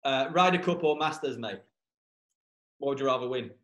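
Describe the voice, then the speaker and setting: A man co-hosting a podcast, asking brisk, matey quick-fire questions. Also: medium pitch, a bit bright, reverberant. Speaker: podcast co-host.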